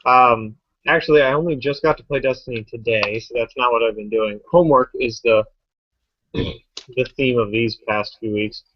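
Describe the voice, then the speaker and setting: A relaxed young man in his twenties chatting on a podcast, often pausing on "um". The sound is dry and close, with a dull, lo-fi quality. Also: mid-range voice, dry recording. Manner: relaxed, with frequent "um". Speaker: podcast co-host. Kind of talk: casual chat.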